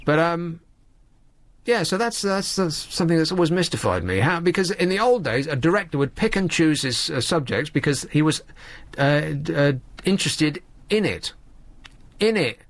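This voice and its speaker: A man's voice: fairly high pitch, very animated, normal speed, dry recording. A man, hosting a radio show in a wry, rambling, sardonic monologue. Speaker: radio host. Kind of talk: late-night radio monologue.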